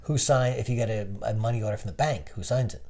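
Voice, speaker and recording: A man's voice: on the low side, fast, darkish tone. A man from New Jersey, a guest in a casual interview, who tells stories and quizzes the interviewer with questions. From New Jersey, USA.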